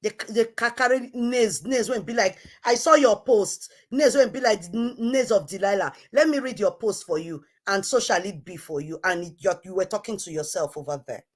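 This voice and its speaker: A woman's voice: medium pitch, moderate pace, hardly any pauses. Scolding woman. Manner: scolding, repetitive, emphatic. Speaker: online show host. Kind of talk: heated live-stream rant.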